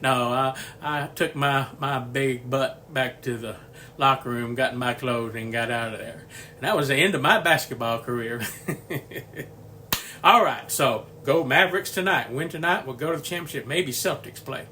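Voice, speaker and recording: A man in his sixties hosts a home cooking video from his kitchen, chatting casually like a folksy, rambling storyteller who chuckles often. His voice sits at medium pitch and moves at a moderate pace, sounding pushed and bright. There's a little hiss or hum in the recording.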